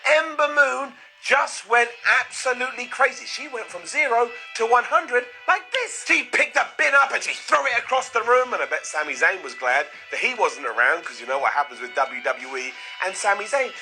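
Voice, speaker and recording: A man hosts a sarcastic, excitable wrestling recap. His voice sits high and very bright, and his pitch swings widely from line to line. Faint music plays behind him. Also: poor audio. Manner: excitable, sarcastic, with quick put-on asides. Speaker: wrestling show reviewer, host. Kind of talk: comedic recap commentary.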